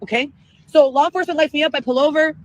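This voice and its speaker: A woman telling a long profane story in an excitable livestream rant. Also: high voice, racing, dull audio. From Chicago area, Illinois. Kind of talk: ranting livestream monologue.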